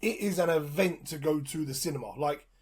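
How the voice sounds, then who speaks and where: A man's voice: a little high, a little fast, a little mellow, breathy edge. A man co-hosting a podcast, telling stories in an emphatic, casual way. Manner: storytelling, emphatic. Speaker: podcast co-host.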